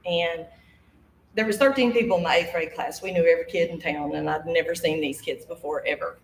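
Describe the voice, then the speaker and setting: A woman's voice: on the low side, brisk, slight background noise. A woman, telling a ghost story live to an audience, acting out the voices and laughing often. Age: 50s. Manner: lively, acts out quoted voices, laughs often. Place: studio stage before an audience. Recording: echoey room.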